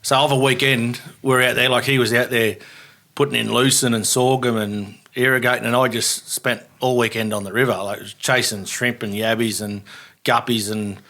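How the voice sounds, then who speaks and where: A man's voice: mid-range voice, level tone, moderate pace, sharp tone. An Australian man telling fishing stories as a podcast guest, laughing and swearing as he talks. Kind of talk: casual chat, fishing yarns.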